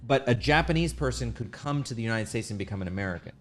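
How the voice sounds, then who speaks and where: A man's voice: medium pitch, animated, quick pace, faint music behind. A man hosting an art livestream, chatting in a rambling way, restarting his sentences and thanking viewers. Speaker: livestream artist host. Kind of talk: casual livestream chat.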